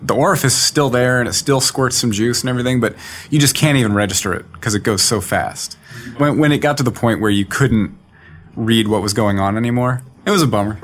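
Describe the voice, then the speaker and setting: Man, game developer, casual interview, rambling, filler words, mid-pitched voice. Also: fairly quick. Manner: rambling, lots of fillers and hedges.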